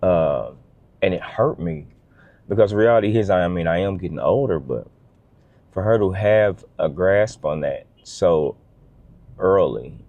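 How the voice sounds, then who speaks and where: A man's voice: low voice, animated, a little slow, no room sound, phone-quality sound. A man telling a heartfelt family story as a father in a casual vlog, earnest and emotional, often restarting his sentences.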